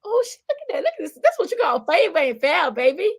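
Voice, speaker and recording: A woman from the American South hosts a casual live-stream chat over a video call. Her voice sits high and swings widely, with a gravelly fry underneath. She is animated and exclamatory and reads viewer comments aloud. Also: fast. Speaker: talk show host and pastor.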